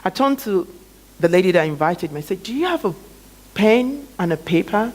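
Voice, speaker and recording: Animated man telling a story on stage. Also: poor audio. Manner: animated, with big swings in pitch and loudness; emphatic, dramatic pauses. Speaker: guest speaker. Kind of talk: storytelling talk to an audience.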